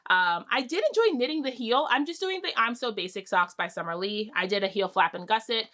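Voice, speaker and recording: A woman's voice: on the high side, animated, fairly quick, sharp tone. A young woman hosting a knitting podcast, chatting casually to camera with lots of fillers and restarts.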